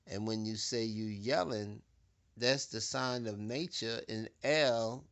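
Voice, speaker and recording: Slow, low-voiced man lecturing. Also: clear, resonant tone. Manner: deliberate, repeats words, swells louder for emphasis. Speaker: speaker giving a talk. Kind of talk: preaching-style lecture.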